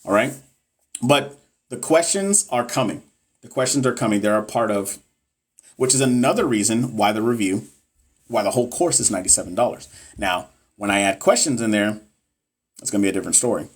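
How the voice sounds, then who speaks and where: A man on the low side in pitch talks fairly quickly but pauses often, tutoring nursing exam students on a casual livestream captured by phone or webcam. An NCLEX tutor and course seller, he reads viewer comments and chats loosely, using many fillers.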